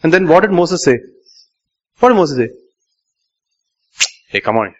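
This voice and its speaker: A man's voice: on the high side, sing-song, unhurried. A male pastor, preaching a sermon and questioning the congregation, repeating key lines for emphasis. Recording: muffled live sermon recording.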